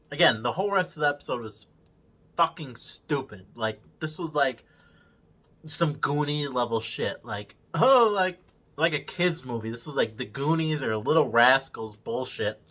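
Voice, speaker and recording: A man's voice: mid-range voice, bright, forceful tone. A man hosting a casual review, ranting with constant profanity and exasperated sarcasm. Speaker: show host reviewing a series.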